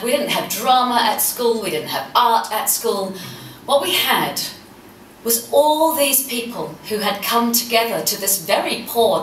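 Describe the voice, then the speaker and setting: A woman's voice: mid-range voice, a bit bright. Passionate woman speaker in an echoey hall. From New Zealand. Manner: humorous, passionate storytelling. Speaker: keynote speaker. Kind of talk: conference talk. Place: conference hall. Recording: echoey hall, mic at a distance, faint noise.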